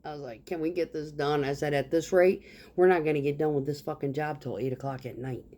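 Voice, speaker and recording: A woman's voice: deep voice, quick pace, dark tone. A woman telling a work story as a casual rant, blunt and full of swearing, acting out the lines of the people she deals with. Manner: acts out others' lines in quoted dialogue. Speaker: concrete truck driver.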